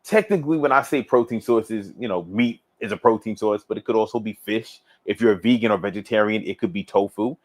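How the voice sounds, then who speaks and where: A laid-back man coaching his livestream viewers in a loose, unhurried chat. His voice sits a little low, and he rambles and repeats his points with easy laughs. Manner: relaxed, rambling, repeats himself, laughs often. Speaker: fitness coach livestream host. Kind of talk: casual livestream chat reading viewer comments.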